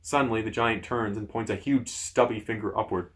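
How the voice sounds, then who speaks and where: A man hosting a gamebook playthrough, reading the story aloud in a lively way with casual asides to viewers. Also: fairly low pitch, brisk. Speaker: host.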